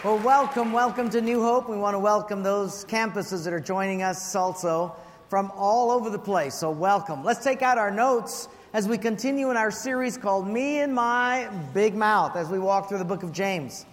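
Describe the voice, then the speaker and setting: A man with a very high voice preaches a sermon, acting out his stories and breaking into comic shouts. He sounds like he is in a large hall with a long reverb trailing his words. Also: normal speed. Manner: animated storyteller, acts out voices and shouts for comic effect. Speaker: pastor.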